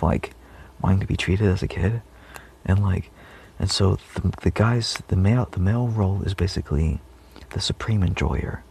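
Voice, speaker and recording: Very deep, gravelly-voiced man rambling. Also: a little mellow. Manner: meandering, many fillers, often trails off into whispers. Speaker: spiritual vlogger. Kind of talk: rambling monologue.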